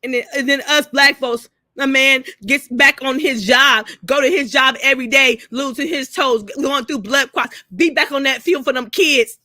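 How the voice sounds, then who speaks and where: A woman's voice: high-pitched, moderate pace, few pauses, bright, forceful tone, no echo, clean studio sound. A crying woman pouring out a profane, repetitive rant to her camera, speaking. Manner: tearful, repeating herself, profane. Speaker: vlogger. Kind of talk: emotional personal rant to camera.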